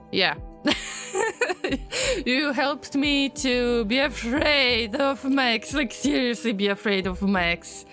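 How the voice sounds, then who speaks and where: Lady streamer talking thru her game, kinda high voice, gets distracted and yelps when stuff goes wrong, faint music behind. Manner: chatty, easily distracted, bursts into excited alarm. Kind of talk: casual live-stream gameplay commentary.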